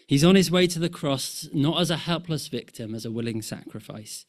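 A man preaching a sermon, rhythmic and impassioned, rising in force and falling to a hush. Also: a little high, lively intonation. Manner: slow, rhythmic, swelling and dropping to near-hush.

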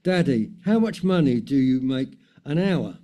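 A man reading a seven-year-old boy who pleads with his father. The tone is very dark and mellow, the delivery earnest and storybook-like. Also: mid-range voice, lively intonation, measured pace, lightly acted. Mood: pleading.

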